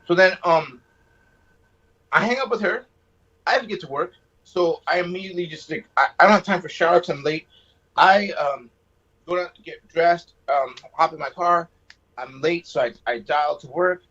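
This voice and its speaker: A man's voice: fairly high pitch, moderate pace, a bit bright. A man calling in by phone and telling a personal story, rambling and sarcastic, with a hot temper. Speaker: caller. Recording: muffled lo-fi phone line.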